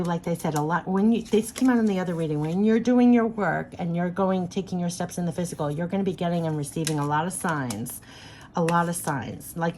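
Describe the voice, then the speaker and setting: A woman's voice: low-pitched, darkish tone, slight background noise. A woman doing a spiritual card reading, speaking in a soothing, repetitive, affirming way.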